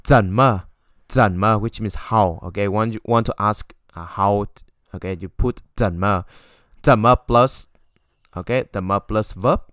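A man teaching a language lesson, stopping often to say "okay" and repeating example phrases in a louder voice. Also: on the low side, a little slow, dry recording, clean studio sound. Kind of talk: explaining a textbook lesson.

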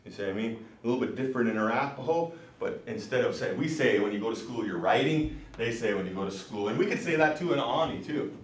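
A man's voice: mid-range voice, lively intonation, fast. A man teaching a language class in a casual, encouraging way, often repeating words for his students. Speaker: language instructor. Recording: roomy classroom from far off, noisy.

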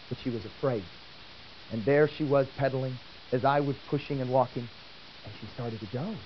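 A male lecturer tells a story to his class in a lively, swooping voice. He keeps asking the room questions. The sound is a dull old tape with a faint hiss. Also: mid-range voice. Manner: animated, asks the audience questions.

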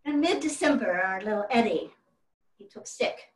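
A woman's voice: fairly high pitch, very animated, moderate pace. Woman playing a genteel 1800s widow storyteller. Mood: sorrowful. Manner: fond, chatty storyteller with exclamations. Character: genteel 1800s widow recalling her family. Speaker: actress portraying a historical first lady. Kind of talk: live one-woman historical reenactment. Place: stage before a live audience. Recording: roomy hall from a distant mic.

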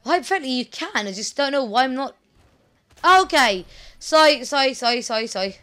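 Woman let's player; high, bright, sharp tone; chatty, excitable, apologetic. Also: brisk. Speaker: let's play gamer. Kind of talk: casual gameplay commentary.

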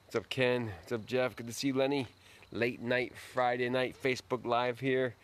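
A man's voice: mid-range voice, steady tone, moderate pace. A man hosting a late-night live stream outdoors, greeting viewers by name and giving a folksy, earnest motivational talk.

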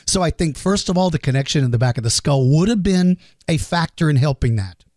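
A man's voice: fairly high pitch, lively intonation, a little fast, a little mellow, no echo, clean studio sound. A middle-aged man hosting a podcast, casually answering listener questions in a chatty, self-deprecating way. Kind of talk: casual Q&A monologue.

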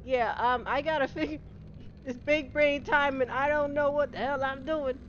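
A woman's voice: high-pitched, normal speed. A middle-aged woman streaming a game live, chatting casually, greeting viewers by name and laughing often. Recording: slightly dull home-stream audio with steady noise.

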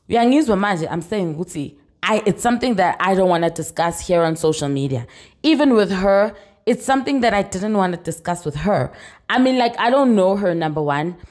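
A woman's voice: fairly low pitch, darkish tone. A young South African woman with a South African accent, chatting in a casual storytime vlog. She mixes Zulu phrases into her English and keeps checking in with the viewer. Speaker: vlogger.

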